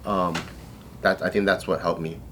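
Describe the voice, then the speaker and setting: A man in his thirties swaps stories on a casual podcast, cursing freely. He breaks into laughter and acts out gruff shouted lines. There is a faint hum of room noise behind him. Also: sits low, little pitch movement, moderate pace. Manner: profane, laughing storyteller acting out drill instructors. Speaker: podcast co-host telling a story. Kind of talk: casual chat.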